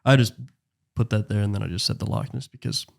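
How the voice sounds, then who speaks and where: A man's voice: fairly low pitch, big pitch swings, quick pace, vocal fry. A young man co-hosting a casual podcast, jokey and reading his notes aloud with stops and restarts. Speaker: podcast co-host.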